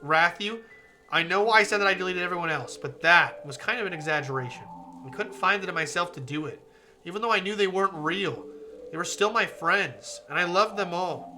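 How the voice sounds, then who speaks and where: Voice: mid-range voice, sharp tone. A streamer reading aloud as a young woman game character, a club president who pleads, accuses and then turns remorseful. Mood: resolved.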